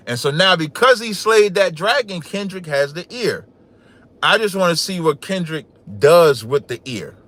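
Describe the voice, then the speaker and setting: Male podcast host, naturally loud and cocky, trash-talks with a sharp, forceful edge and reads scripture aloud. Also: on the high side. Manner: loud, boastful, trash-talking. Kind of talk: livestream commentary with scripture reading.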